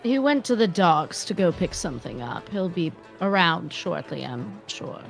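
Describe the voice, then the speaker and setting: Low-voiced woman player, hesitant. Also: sing-song, moderate pace, gravelly, soft background music. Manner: hesitant, filler-heavy speech. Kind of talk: casual tabletop play.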